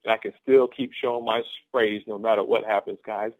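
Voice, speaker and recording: A man's voice: on the low side, level tone, a little fast, few pauses. A man giving an exuberant, repetitive motivational pep talk on a conference call. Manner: exuberant, repetitive, laughs often. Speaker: guest speaker on a team conference call. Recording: phone-line conference call.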